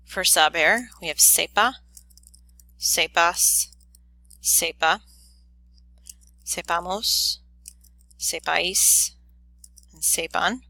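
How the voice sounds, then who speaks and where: A woman teacher giving a recorded grammar lesson, explaining methodically step by step and quickly correcting her own slips. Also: lowish voice, gravelly, sharp tone, dry recording. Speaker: Spanish teacher.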